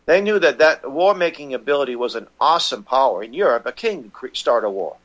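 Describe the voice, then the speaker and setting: A man speaks as a radio guest, his voice coming through a dull, muffled line at a middling pitch. He rambles, stops and restarts his sentences, and fills the gaps with filler words. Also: lively intonation, brisk, a bit bright. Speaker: guest, constitution educator. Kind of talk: phone-in radio interview.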